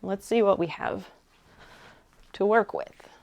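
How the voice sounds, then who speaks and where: A young adult woman streaming while she crafts, chatting casually and rambling softly as she thinks aloud. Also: mid-range voice, steady tone, slow pace, lo-fi sound.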